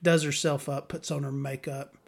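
A man's voice: on the high side, level tone, moderate pace, creaky. A man, hosting a podcast in a rambling, profane, sardonic monologue. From Southern US. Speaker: podcast host.

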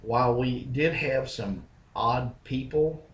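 A man co-hosting a church podcast in an average-pitched voice, with a faint hiss of noise underneath. He tells his stories with energy and often chuckles as he recalls the details. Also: takes it slowly, dull audio. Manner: lively storyteller, chuckles while recounting. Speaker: podcast co-host. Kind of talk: casual discussion podcast.

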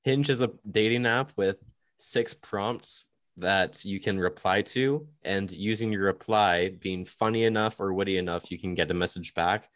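A man's voice: low-pitched, normal speed, fairly bright tone. A man co-hosting a casual podcast, teasing and laughing often. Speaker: podcast co-host.

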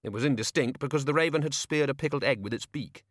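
A man narrating an audiobook with a measured, expressive reading. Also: mid-range voice, no echo, clean studio sound.

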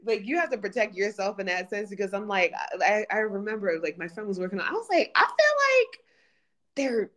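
A woman, a project manager, talking as a podcast guest in animated casual chat. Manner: animated, conversational, quick pitch jumps.

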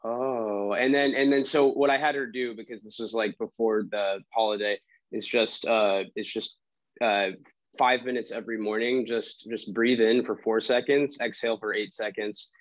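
A man, a trainer, talking casually and hesitantly about a client, with many pauses and fillers. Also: lowish voice, fairly even intonation, no room sound, lo-fi sound. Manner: hesitant, full of fillers and restarts. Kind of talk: casual conversation.

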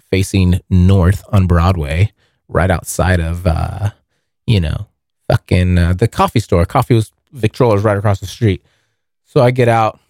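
Lively, swearing podcast host. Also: male voice, lowish voice, no echo, studio quality. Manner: rambling, heavy swearing, addresses listeners as dude. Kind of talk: casual solo storytelling.

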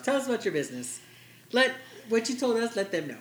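A woman's voice: a little high, sing-song, quick pace, roomy sound. A woman co-hosting a casual podcast chat, teasing, crude and playful. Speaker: podcast co-host.

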